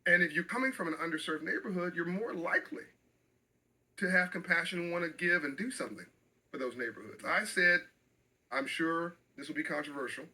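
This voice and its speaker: A man's voice: a little high, a little fast, sharp tone, poor audio. A middle-aged man speaking as an interview guest, passionate and emphatic, often repeating phrases for stress.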